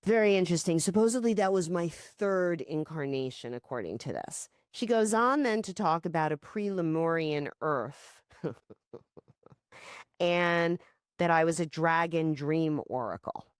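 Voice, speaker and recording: A woman co-hosting a podcast, telling stories in animated casual chat and swearing offhandedly. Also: low-pitched, a little slow, smooth, no echo, clean studio sound. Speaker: podcast co-host.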